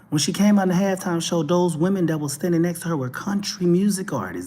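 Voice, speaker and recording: A man with a Texan accent giving casual, animated commentary as a talk show host, speaking straight to his viewers. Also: sits high, fairly quick. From Texas. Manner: animated, preachy, addresses viewers directly.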